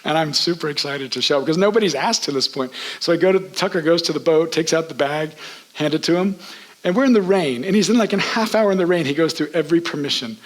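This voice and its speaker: A man telling a true story on a theater stage, in an animated, conversational way. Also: a little high, fast, poor audio. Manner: animated, conversational, quotes people in his story. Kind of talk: first-person stage storytelling.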